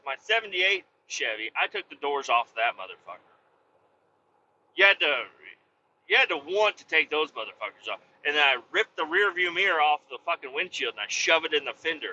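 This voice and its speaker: Man, comedic rant, profane, mocking, sharp bright tone, faint hiss. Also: on the high side, lo-fi sound. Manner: profane, swearing constantly; mocking, shouts in bursts. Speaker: host.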